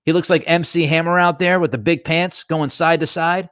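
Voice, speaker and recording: Fired-up male sports talk host with a fairly high voice, recorded dry and close. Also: moderate pace, no room sound. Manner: animated, emphatic, ranting. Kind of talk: solo sports talk commentary.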